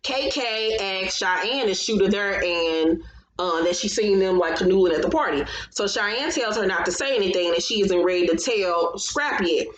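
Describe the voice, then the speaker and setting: A woman's voice: mid-range voice, expressive, moderate pace. A woman hosting her channel, recapping a reality show in casual commentary, blunt and profane, with frequent laughter. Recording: roomy echo.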